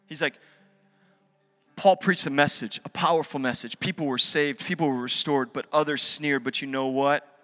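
A man's voice: fairly high pitch, sharp tone. A pastor preaching a conversational sermon, acting out dialogue as he goes. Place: church sanctuary. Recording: long reverb from a large hall.

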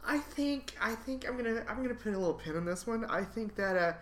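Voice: mid-range voice, lively intonation, fast. A podcast co-host in casual chat, making wry quips and laughing often. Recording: echoey room with faint hiss.

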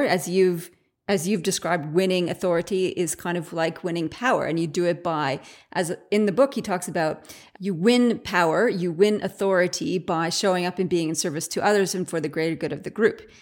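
Curious, chatty woman podcast host. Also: fairly low pitch. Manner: curious, chatty, thinking aloud. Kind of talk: podcast interview.

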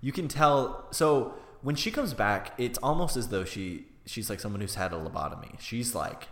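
Podcast co-host, male, casual and animated, roomy sound. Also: mid-range voice, moderate pace. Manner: animated retelling with acted-out quotes. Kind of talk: casual film discussion.

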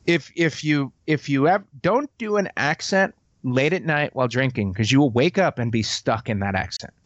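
A man's voice: medium pitch, lively intonation, normal speed, no echo, lo-fi sound. A man hosting a casual conversation about tabletop role-playing games, prompting his guest and telling his own stories, often repeating words.

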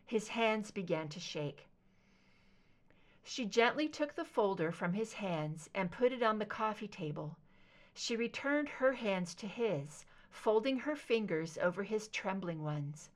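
A woman reading fan fiction aloud as audiobook narration, in a measured, even way. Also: mid-range voice. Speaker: audiobook reader.

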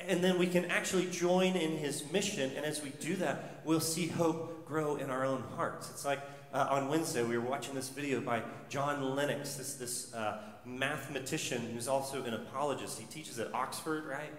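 A man's voice: medium pitch, fairly even intonation, moderate pace. A male pastor preaching a sermon, telling stories and building his points with repeated rhetorical questions. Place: church sanctuary. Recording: echoey church hall.

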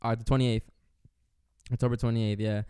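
A man's voice: mid-range voice, moderate pace, clean tone, no echo, studio quality. A man in casual chat who tells stories vividly and acts out what his relatives said. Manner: animated storyteller, acting out relatives' words.

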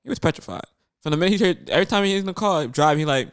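A young man co-hosting a relaxed talk show. He talks fast in a slightly higher voice and drops into quick impressions of the people in his stories. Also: smooth. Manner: fast slangy storytelling, acting out quotes. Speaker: podcast co-host. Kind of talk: casual banter.

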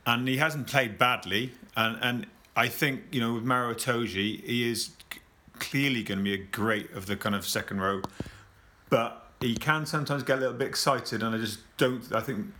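A man with a bright, forceful voice chats about rugby. He rambles and stammers and keeps restarting his sentences. His delivery is animated, and he laughs easily. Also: mid-range voice, moderate pace, a little hiss or hum. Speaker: rugby pundit. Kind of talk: casual sports discussion.

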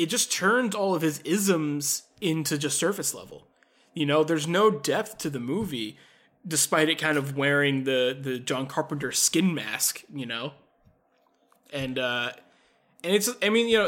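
A man's voice: on the high side, a bit bright. A young man co-hosting a casual film podcast, laid-back and swearing as he talks through scenes. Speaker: podcast co-host.

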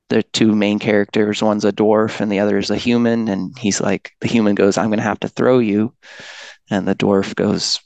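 A man's voice: lowish voice, vocal fry, darkish tone, no echo, muffled recording. A young man guest casually telling his own story, laid-back and self-deprecating with many fillers. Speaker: podcast guest.

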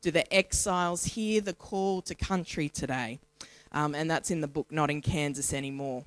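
A woman's voice: sits low, no echo. Australian woman giving a rhythmic sermon. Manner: rhythmic, listing with measured pauses. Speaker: speaker at a church. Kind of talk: sermon-style spoken reflection.

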